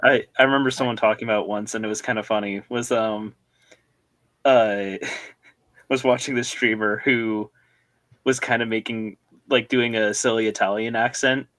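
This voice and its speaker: A man's voice: fairly low pitch, steady tone, normal speed, fairly bright tone, no room sound. A man, a player at the table, telling rambling stories in casual chat and laughing at his own jokes. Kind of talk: casual banter before a game session.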